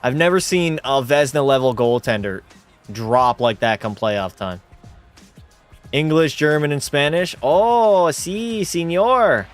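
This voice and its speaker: A man's voice: medium pitch, animated, unhurried, clear, resonant tone, faint music behind. Joking, foul-mouthed male streamer. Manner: joking, profane, banters with chat. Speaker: livestream host. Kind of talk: casual commentary reading chat.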